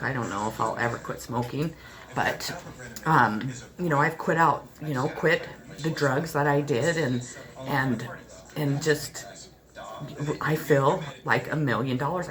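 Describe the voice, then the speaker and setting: A woman's voice: low-pitched, a bit bright, rough recording. A woman in her forties talking to her subscribers in an emotional, rambling personal vlog, often repeating herself. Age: 40s. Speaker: spiritual channel host.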